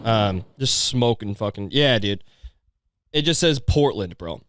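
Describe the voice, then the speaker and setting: A man's voice: on the low side, animated, measured pace, a bit bright, no echo, clean studio sound. A man hosting a podcast, riffing on a video in rambling, profane, sardonic casual commentary. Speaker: podcast host.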